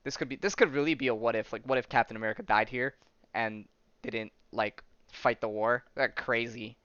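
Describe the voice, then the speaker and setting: A man's voice: medium pitch, fairly quick, bright, forceful tone, clear, resonant tone, no echo, lo-fi sound. A man hosting a podcast, casually recapping a comic book story and reading out its dialogue with frequent ums and restarts. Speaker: podcast host.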